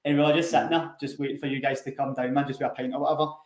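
A man's voice: medium pitch, level tone, rapid-fire, background noise. A young man telling a rowdy story with lots of swearing and laughter, as a podcast co-host in casual chat. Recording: echoey room.

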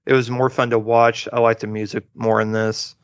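Male podcast host, relaxed rambling review delivery, mid-pitched voice, muffled dry recording. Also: moderate pace, no echo. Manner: relaxed, rambling, lots of fillers and restarts. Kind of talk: casual movie review chat.

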